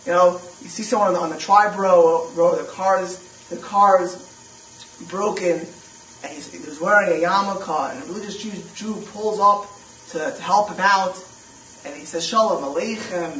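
A man's voice: high voice, sharp tone, slight background noise. A man giving a history lecture, emphatic and repeating key points for the class. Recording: echoey room, distant muffled mic.

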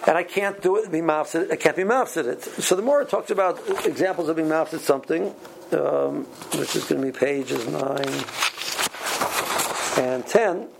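A man teaching a Talmud class, speaking haltingly with many repeated words and ums. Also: on the high side, creaky, background noise. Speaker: Torah teacher.

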